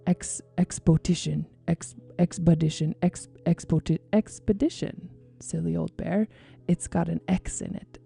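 A woman's voice: on the low side, steady tone, unhurried, vocal fry, few pauses, dark tone, faint music behind. A woman voicing a confident, slightly bossy young boy with a breezy, know-it-all manner.

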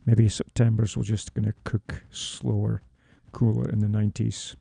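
A man's voice: lowish voice, flat delivery, moderate pace, gravelly, few pauses, mellow, slightly rough, no echo. A man working as a radio DJ, chatting casually between songs in a small studio and joking to himself as he reads out the tracks. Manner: chatty, jokey, talks to himself. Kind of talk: casual radio back-announcing. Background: music playing underneath.

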